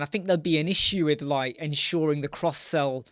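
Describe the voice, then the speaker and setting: A man hosts a live question-and-answer stream, talking loosely and thinking aloud as he works through a screen demo. He breaks off to greet viewers by name and then picks his point back up. His voice sits a little high, and the sound is dry and close. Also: brisk, fairly bright tone, no room sound. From United Kingdom. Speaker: host of a live web design Q&A.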